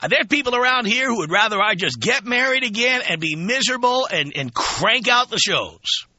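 Sardonic radio host with a bright voice. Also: male voice, very high-pitched, expressive, normal speed, no room sound, muffled recording. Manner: sardonic, profane, self-mocking. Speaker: radio talk show host. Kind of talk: monologue to radio listeners. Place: radio studio. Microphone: studio microphone.

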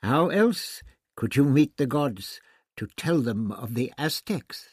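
A man reading an audiobook voices a scheming, sneering high priest with a husky, dry, drawn-out delivery. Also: expressive, dry recording. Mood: grandiose. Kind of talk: audiobook character voice.

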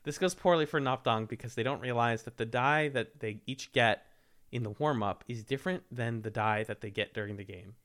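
A man co-hosting a podcast, recapping a reality show in casual chat, animated and laughing often as he acts out quotes. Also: mid-range voice, brisk.

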